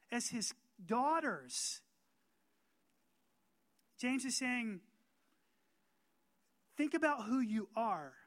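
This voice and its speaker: Male pastor from North Carolina, emphatic preacher who leans on slow stressed words and questions to the room. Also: very high voice, a bit bright. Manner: emphatic, asks the congregation rhetorical questions, slows down to stress words. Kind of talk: sermon.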